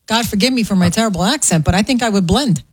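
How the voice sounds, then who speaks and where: A woman's voice: medium pitch, animated, fast talker, breathy edge, no room sound. A woman co-hosting a talk radio show, playful and joking with the host and a caller. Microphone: studio microphone.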